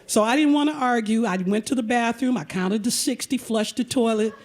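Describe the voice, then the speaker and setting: A woman hosting and telling a comic personal story live on stage at a museum auditorium, animated and full of breathless asides. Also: a little high, brisk. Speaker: storyteller and host.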